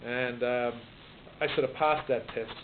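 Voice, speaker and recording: A man's voice: mid-range voice, steady tone, unhurried. An Australian author in his sixties reflecting on his writing in a conversational interview, with many restarts and repeated words. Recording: muffled phone-like recording with noise.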